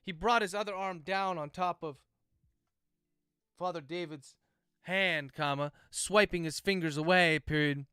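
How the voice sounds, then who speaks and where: Unhurried and high-voiced, this author sounds sharp, clear and resonant as he dictates his novel on a livestream. He says each comma and period out loud and offers loose, chatty asides to viewers between passages. The studio sound is clean, without room sound.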